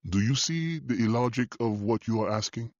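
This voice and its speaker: A man voicing a wiry, wary man in his late forties with a thick French accent, calm and evasive in a formal way. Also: medium pitch, normal speed, no echo. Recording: dull dry audio.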